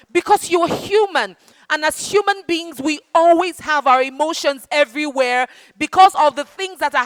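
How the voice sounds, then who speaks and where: Warm-hearted woman speaker for kids: high, very expressive, close dry mic. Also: no room sound. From Nigeria. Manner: animated, calls children darling and baby. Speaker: children's book festival speaker. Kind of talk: interactive talk to children. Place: festival hall with young audience.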